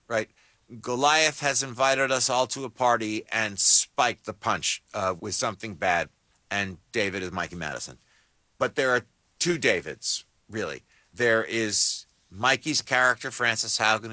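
A man's voice: on the low side, pushed and bright, no echo. A screenwriter in his sixties being interviewed on radio, telling stories in a wry, storytelling way. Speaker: screenwriter guest.

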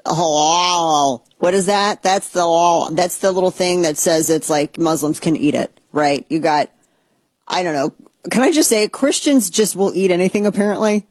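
A woman hosting a casual opinion talk show, chatty and rambling with animated asides. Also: lowish voice, moderate pace, no room sound. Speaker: show host.

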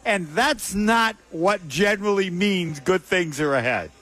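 A man's voice: sits high, animated, measured pace, a bit bright. A man co-hosting a casual sports talk show, asking questions and making wry asides. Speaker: co-host.

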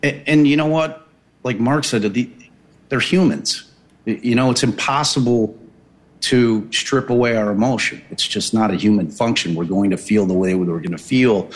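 A man recounting courtroom events in a halting way, with many restarts and fillers. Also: fairly low pitch. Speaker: courtroom observer and commentator.

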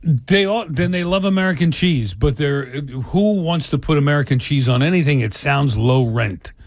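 A man's voice: on the high side, lively intonation, moderate pace, dry recording. An older man co-hosting a radio talk show, chatting casually in a rambling way with many restarts and asides. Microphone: studio microphone.

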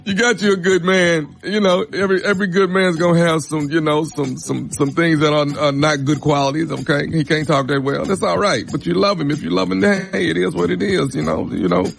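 A man's voice: on the high side, steady tone, brisk, gravelly, hardly any pauses. A man co-hosting a radio advice show, talking loosely with a lot of laughing and restarts. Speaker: radio co-host. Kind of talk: casual advice chat.

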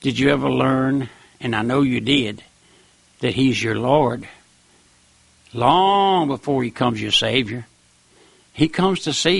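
A man's voice: fairly high pitch, vocal fry, bright, forceful tone, no room sound. A man preaching a sermon in an emphatic old-time style, repeating phrases for weight.

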